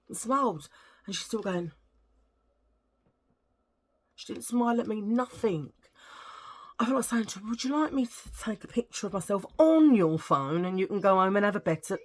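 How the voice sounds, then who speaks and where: A woman chatting casually to her viewers, rambling through anecdotes with frequent laughs and acted-out quotes. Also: mid-range voice. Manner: rambling, animated, laughs a lot, acts out quotes. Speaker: vlogger.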